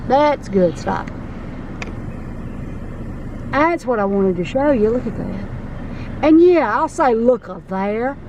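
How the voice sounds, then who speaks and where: A woman's voice: on the high side, expressive, slow, long pauses, noisy background. A woman with a Southern US accent, chatting enthusiastically to viewers in a casual vlog. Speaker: vlogger.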